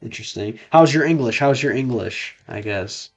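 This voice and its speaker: With lively intonation and a medium pitch, a US man chats casually as he streams a game over soft background music. He is picking up French, testing phrases in a halting way and repeating himself often.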